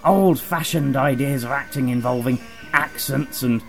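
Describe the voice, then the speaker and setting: A man's voice: mid-range voice, measured pace, creaky, a bit bright, soft background music. A man in a comedy sketch, talking in a pompous, self-important way. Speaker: actor character.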